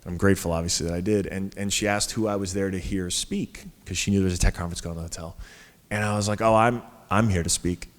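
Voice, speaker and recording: A man's voice: sits low, little pitch movement, very fast. A man telling a story on a conference stage in a casual, chatty way, full of fillers and restarts. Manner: chatty, lots of fillers and restarts, laughs at his own story. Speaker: panel guest. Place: conference stage before an audience. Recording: hall reverb from a live stage.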